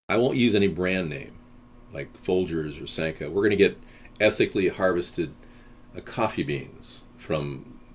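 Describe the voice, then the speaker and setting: A man's voice: low voice, slightly rough. A man hosting a live video-chat talk show, rambling, joking and teasing the chat room. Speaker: host.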